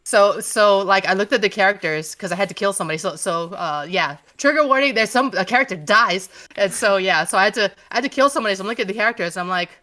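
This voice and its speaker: A woman's voice: fairly low pitch, quick pace, pushed and bright. A woman author in a casual podcast interview, gushing and swearing freely as she rambles with many restarts.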